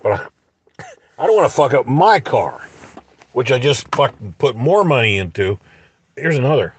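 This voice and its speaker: A man's voice: medium pitch, big pitch swings, normal speed, slightly rough. A man telling a story in a profane, angry, rambling rant from inside a parked car. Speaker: vlogger. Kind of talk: ranting storytelling vlog.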